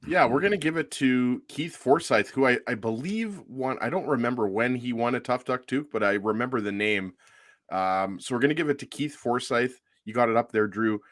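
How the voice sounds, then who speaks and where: A man's voice: medium pitch, fairly quick, a bit bright, no room sound, studio quality. A man co-hosting a hockey post-game show, joking in casual banter. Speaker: podcast co-host.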